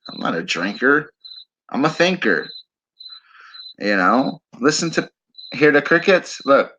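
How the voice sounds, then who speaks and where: A man's voice: medium pitch, very animated, a little slow, sharp tone. A man chatting casually on a late-night livestream, rambling and teasing his viewers with frequent chuckles. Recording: slightly dull lo-fi stream audio. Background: crickets chirping.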